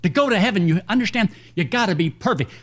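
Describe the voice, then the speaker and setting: An older man preaching a sermon, telling a personal story in a folksy, animated way. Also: sits high, fast.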